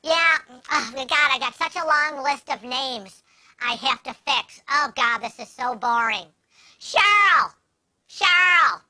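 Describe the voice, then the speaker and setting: A man's voice: very high-pitched, expressive, slow pace, sharp tone, pitched above the performer's own voice, heavily acted. A man voicing a bored, lazy female office clerk who whines and chats across the office. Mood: bored whiny. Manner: whiny, distracted, chatting across the office.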